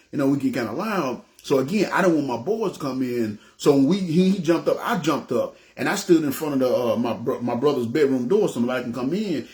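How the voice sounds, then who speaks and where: A man with a Southern US accent telling his personal testimony, acting out the dialogue and often checking in with his listeners. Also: a little high. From Memphis, US South. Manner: animated, acts out dialogue, keeps saying "you know what I'm saying". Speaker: ministry leader giving testimony.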